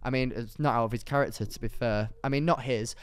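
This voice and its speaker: Excitable young man, smooth voice. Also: medium pitch, fast talker, no room sound. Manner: excitable storytelling, rising to loud bursts. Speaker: podcast co-host. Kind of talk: casual chat. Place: podcast studio.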